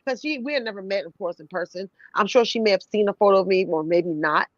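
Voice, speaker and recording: A woman telling a personal story in casual chat, animated and laughing, swearing freely. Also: medium pitch, fast talker, dry recording. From New York City. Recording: dull, dry sound.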